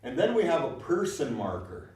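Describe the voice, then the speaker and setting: Guy teaching a language class, lively up-and-down voice, echoey room from a distance. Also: medium pitch, normal speed. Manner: lively, explains patiently with frequent checks for understanding. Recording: echoey room, recorded from far off.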